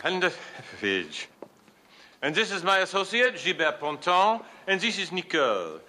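An actor playing a bumbling, self-important French police inspector in a comedy film, with a put-on French accent and mangled R's. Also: male voice, high-pitched, wildly swooping pitch, normal speed, bright, forceful tone, slight background noise, exaggerated voice. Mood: pompous.

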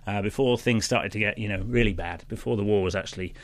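A man's voice: lowish voice, fast talker, no echo. A man reviewing films in casual radio chat, rambling and opinionated with many restarts. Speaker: film critic.

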